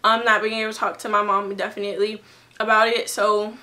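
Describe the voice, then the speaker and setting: A woman's voice: medium pitch, flat delivery, fairly quick, pushed and bright. A young woman telling a personal story to her camera in a casual, chatty way, full of fillers and restarts. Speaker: vlogger.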